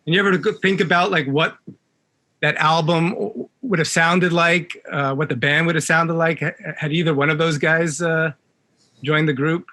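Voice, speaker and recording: A man's voice: on the high side, steady tone, moderate pace, bright, forceful tone. A man interviewing a musician, asking long, hedging questions full of fillers.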